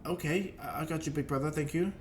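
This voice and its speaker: A man's voice: fairly high pitch, fast talker, soft background music, pitched above the performer's own voice, lightly acted. Goten, a whiny eager little boy, voiced by a man. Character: small eager boy warrior, restless younger brother.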